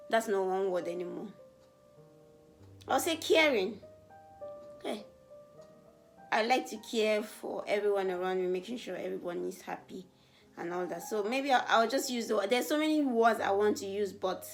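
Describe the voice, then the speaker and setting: Chatty young woman from Africa. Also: mid-range voice. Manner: animated, voice rises when excited; chatty and earnest. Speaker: beauty vlogger. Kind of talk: casual get-to-know-me Q&A.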